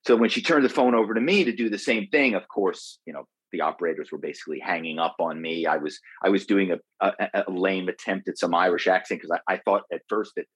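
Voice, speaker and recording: A middle-aged man recounts old stories as an interview guest, his voice low and husky. He rambles along, doubling back with fillers and restarts. The sound is dry and close, with no room around it. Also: fast, few pauses, a bit bright, dry recording, poor audio. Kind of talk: conversational storytelling.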